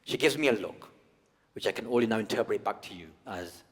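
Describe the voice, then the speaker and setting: A man from the United Kingdom doing live stand-up comedy on a theatre stage, animated and given to shouted outbursts. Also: lowish voice, brisk. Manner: animated, shifts to shouted outbursts for acted rants. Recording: live hall with long reverb.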